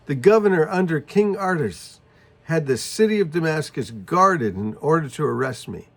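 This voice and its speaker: A male pastor teaching through a Bible passage, reading verses aloud and explaining them in a casual, emphatic way. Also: medium pitch. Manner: emphatic, reads scripture then explains it casually. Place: church.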